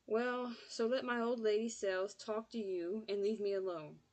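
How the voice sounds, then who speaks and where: A woman's voice: medium pitch, slow, close to an everyday voice. Woman doing a grumpy old southern guy, slurry, mumbling, fed up. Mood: weary. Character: gruff older man, weary and slurring.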